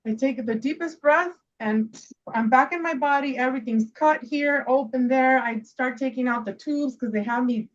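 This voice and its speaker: A woman hosting a casual chat, telling a personal story in an animated way and speeding up when she quotes herself. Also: a little high, dull audio. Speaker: host.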